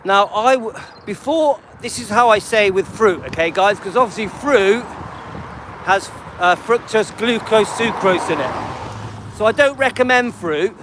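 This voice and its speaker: A man's voice: high-pitched, expressive, a little slow, background noise. A man hosting a live stream, casually answering viewers by name and often checking in with "yeah?" and "okay?". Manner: frequent restarts and repetition. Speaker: livestream host.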